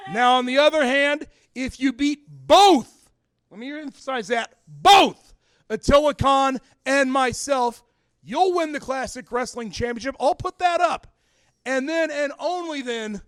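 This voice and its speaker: A man cutting a cocky, taunting wrestling promo, often shouting. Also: very high voice.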